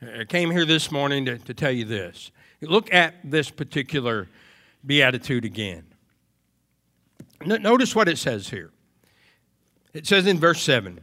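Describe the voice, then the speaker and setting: A man's voice: on the high side, very animated, normal speed, pushed and bright. A man preaching a sermon as pastor, earnest and emphatic, leaning on repeated phrases.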